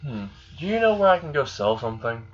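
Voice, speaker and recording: A man's voice: mid-range voice, sing-song, fast talker, highs cut off, soft background music, pitched above the performer's own voice, natural voice. A man voicing a polite, eager young man who talks in a casual, offhand and apologetic way.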